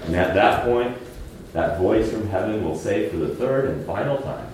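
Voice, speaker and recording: A man preaching a sermon, moving between loud emphatic peaks and hushed low lines and asking the congregation rhetorical questions. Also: expressive, normal speed, very echoey, a little hiss or hum, low-quality recording.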